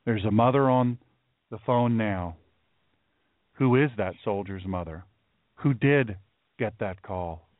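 A man's voice: lowish voice, takes it slowly, pauses often, no room sound. A man hosting a talk radio show, speaking in a solemn, emphatic way and repeating phrases for weight. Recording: dry, narrow phone-like sound.

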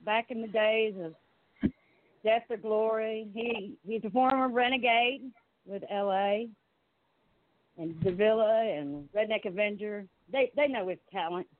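A woman's voice: mid-range voice, measured pace. A woman with a Southern US accent, a wrestling manager, talking in a flirty, playful way during a casual interview. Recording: phone-like narrow sound.

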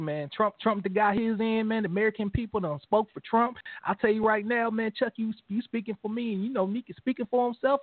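A man co-hosting a casual sports talk show, loud and swaggering, trash-talking players with laughs. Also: high voice, no echo. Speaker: co-host, the player. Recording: dry, tinny phone-like sound.

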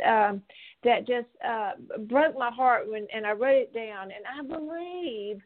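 Effusive woman host on a phone line. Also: fairly high pitch. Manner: warm, effusive, halting with restarts. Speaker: radio show host. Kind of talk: faith-based interview talk.

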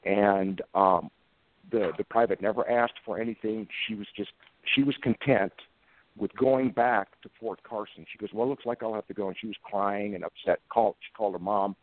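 A man in his fifties with a lowish voice tells stories in a plain, earnest way. He sounds tinny and phone-like. The sound is dry, with no room echo. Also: moderate pace. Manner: earnest, plain-spoken, emotional when recalling events. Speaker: police officer guest. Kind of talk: anecdotal storytelling in conversation.

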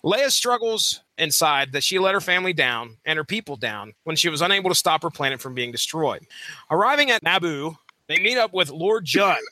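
Bright high-voiced male podcast host. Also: animated, a little fast, dry recording, rough recording. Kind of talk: reading a plot summary, then casual chat.

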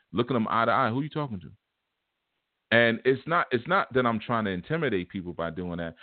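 A man's voice: mid-range voice, dry recording. A man, talking as a spiritual teacher in a loose, conversational way that keeps coming back to "you know". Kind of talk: casual spiritual talk. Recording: tinny, phone-like, very dry.

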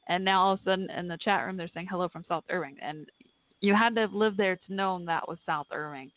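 A woman's voice: mid-range voice, dry recording. A chatty woman hosts a casual live podcast, laughing often and talking back at a football game. Her voice comes through a tinny, phone-like line. The sound is dry and close. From Texas. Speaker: podcast host. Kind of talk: casual live-stream chat.

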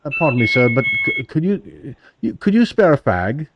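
A courteous British bobby, all apologies and gentle politeness, in a put-on British accent, as a man imitates him. The voice is a bit dull and lo-fi, from a casual talk-radio stream. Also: on the high side, wildly swooping pitch, moderate pace, husky, dry recording, voice pushed up, exaggerated voice. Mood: polite. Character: polite middle-aged male British police officer.

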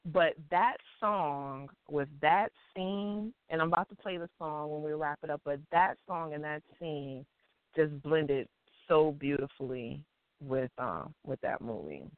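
A woman's voice: low voice, unhurried, no echo. Giggly woman host on a tinny phone line. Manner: giggly and playful, many fillers. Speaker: radio talk show host. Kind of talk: casual call-in show chat. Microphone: phone call.

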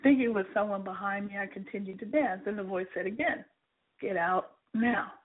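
A woman reading her own memoir aloud in an earnest storytelling manner, with a husky voice and tinny phone-like sound. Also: medium pitch, fast talker. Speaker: author reading her book.

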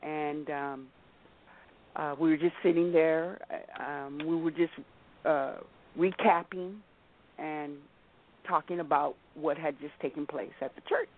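A woman's voice: low-pitched, steady tone. Woman on a phone call telling her story, lots of ums, tinny line. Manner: hesitant, many ums and pauses. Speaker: caller sharing a testimony.

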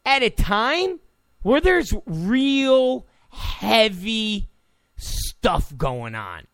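A man rants in a high, gravelly voice that swings widely in pitch. He talks slowly and repeats his points, with sarcastic asides along the way. The sound is dry and close. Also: sing-song, fairly bright tone, no echo. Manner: heated, ranting, sarcastic asides, repeats phrases. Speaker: political commentator. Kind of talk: opinionated political rant.

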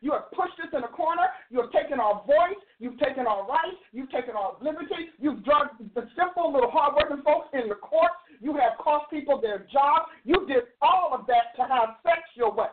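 A woman's voice: sits high, animated, normal speed, hardly any pauses. A woman in her sixties telling a story and arguing emphatically, like a host preaching to her audience. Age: 60s. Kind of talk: animated opinion talk. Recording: tinny phone-like sound.

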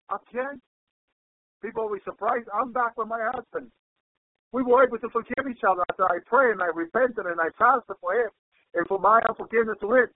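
A man's voice: high voice, dry recording. A man preaching a sermon, dropping "praise the Lord" between phrases and acting out letters from listeners. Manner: acts out quoted people in his own voice. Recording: tinny phone-like radio broadcast sound.

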